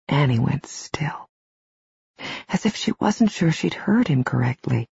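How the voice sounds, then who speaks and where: A woman reading a romance novel as an audiobook narrator, in even, measured storytelling. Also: extremely low pitch, gravelly, husky, no room sound. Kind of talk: scripted narration. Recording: slightly dull, dry studio recording.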